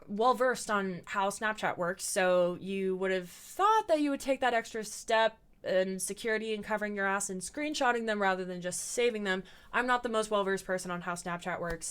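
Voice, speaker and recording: A young woman talks straight to her camera at home in a loose commentary monologue. She keeps slipping in dry, sarcastic asides. Her voice sounds a touch worn out, sitting at an ordinary middle pitch. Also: smooth. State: voice getting tired. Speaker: commentary YouTuber.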